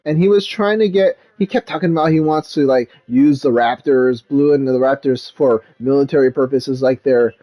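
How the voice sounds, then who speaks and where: A man's voice: mid-range voice, normal speed, few pauses, dark tone. A man talking casually as a dad vlogger, retelling a movie in a rambling way, full of fillers like "like" and "um.".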